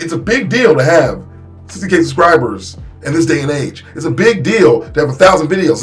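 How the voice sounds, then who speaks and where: A young man telling his story in a casual vlog, animated and emphatic, with many restarts and repeated phrases. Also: fairly high pitch. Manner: animated, acts out quotes with voice shifts. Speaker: YouTuber.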